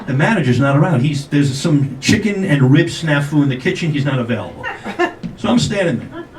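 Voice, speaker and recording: A man's voice: fairly high pitch, big pitch swings, a little fast, a crowd in the background. An older man performing a stand-up comedy set, telling self-mocking stories with brash acted-out quotes. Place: comedy club stage with audience laughter. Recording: echoey club from a distance, noisy.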